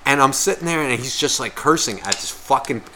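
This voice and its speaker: Brisk and mid-range, with slight background noise, a male podcast co-host spins a casual story packed with swearing. He stays animated throughout, performing the quoted voices of the people in it.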